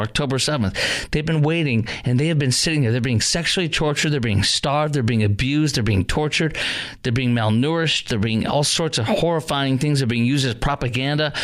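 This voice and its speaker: Fired-up ranting talk radio man. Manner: fired-up, ranting, voice climbing high when worked up. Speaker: radio talk show host. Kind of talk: political talk radio commentary.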